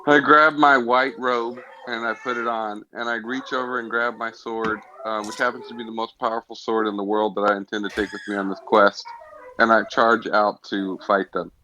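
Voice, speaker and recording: A man's voice: lowish voice, little pitch movement, moderate pace, pushed and bright, slight background noise. A man playing in a tabletop game and stating his character's actions, hesitant and thinking aloud. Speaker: player. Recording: dull lo-fi mic.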